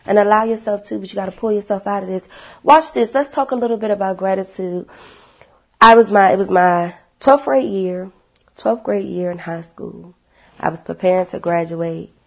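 A woman sharing her life story with viewers in a casual, animated testimony, blunt and swearing freely. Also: mid-range voice, normal speed, vocal fry.

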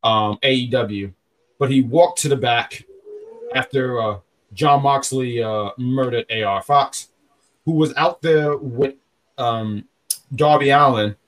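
A man's voice: medium pitch, takes it slowly, fairly bright tone. A man hosting a podcast in casual, rambling chat, often stopping to correct himself. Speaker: podcast host.

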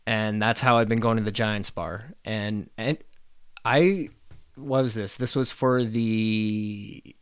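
A man's voice: on the low side, clean tone, no echo, studio quality. A young man hosting a casual solo podcast, rambling and swearing freely and laughing at his own stories. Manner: rambling, profane, laughs often. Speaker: podcast host.

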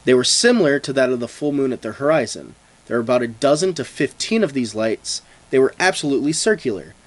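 A man's voice: mid-range voice, lively intonation, fast. A man co-hosting a casual podcast, reading story notes and joking around with imagined dialogue. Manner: jokey, playfully acts out imagined dialogue. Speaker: podcast co-host.

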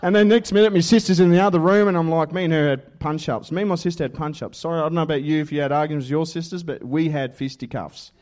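Animated Australian man telling his testimony. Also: on the high side, fast talker, few pauses. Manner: animated storytelling with laughs and loud acted quotes. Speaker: preacher. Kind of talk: testimony sermon.

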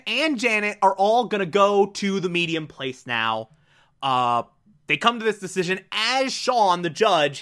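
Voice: mid-range voice, pushed and bright. A person casually recapping a show, gushing and breaking into laughter between sentences. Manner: amused, gushing.

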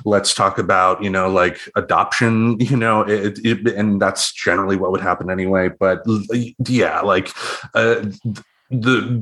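A man who is a parent, co-hosting a casual podcast, talking in halting bursts with many restarts and "you know"s. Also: sits low, steady tone, a bit bright. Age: young adult or middle-aged, a parent. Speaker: podcast co-host.

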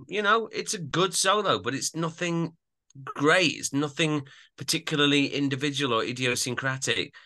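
A man's voice: medium pitch, bright, forceful tone. A man from Yorkshire, co-hosting a casual podcast that reviews albums, easygoing and agreeable. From Yorkshire, England. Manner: easygoing, agreeable, trails off mid-thought. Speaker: podcast co-host. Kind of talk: casual music review chat.

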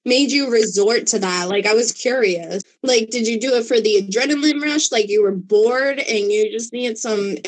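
A woman's voice: fairly high pitch, moderate pace, hardly any pauses, poor audio. A woman hosting a casual voice-chat interview, asking curious, probing questions. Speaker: host.

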